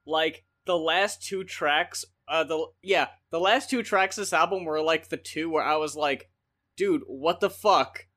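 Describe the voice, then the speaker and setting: A man co-hosting a casual album review podcast, emphatic and quick to agree. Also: a little high, bright, forceful tone. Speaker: podcast co-host.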